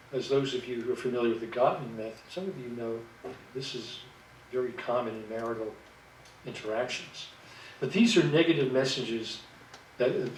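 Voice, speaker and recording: A man presenting a workshop to clinicians, speaking in a measured, reflective way with occasional fillers. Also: mid-range voice, slight background noise. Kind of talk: lecture to clinicians. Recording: echoey room, distant mic.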